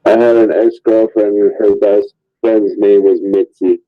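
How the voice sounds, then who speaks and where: A man's voice: lowish voice, steady tone, unhurried, no echo, narrow, tinny audio. A man joking crudely with a friend over a voice call. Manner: teasing, crude jokes. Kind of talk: casual chat on voice call.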